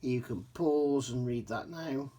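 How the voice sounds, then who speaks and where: A man's voice: medium pitch, slow pace, mellow. A man from England casually reviewing a scale model kit, chatty with frequent ums and self-corrections.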